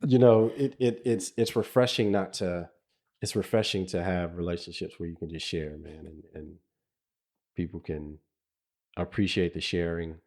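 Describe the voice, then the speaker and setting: A man's voice: deep voice, fairly even intonation, normal speed. A middle-aged man co-hosting a podcast, talking casually and reflectively, with frequent restarts and laughter. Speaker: podcast co-host.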